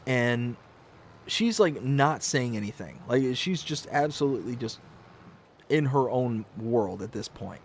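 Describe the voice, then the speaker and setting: A man's voice: medium pitch, a little slow, slight background noise. A man hosting a gaming livestream, casually telling a story and acting out the voices in it. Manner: animated, acts out the voices in his story. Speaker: livestream host.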